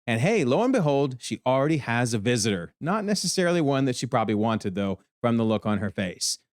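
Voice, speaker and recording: A man giving an animated TV episode breakdown, exclaiming often as he comments. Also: medium pitch, brisk, no echo, clean studio sound. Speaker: video commentator.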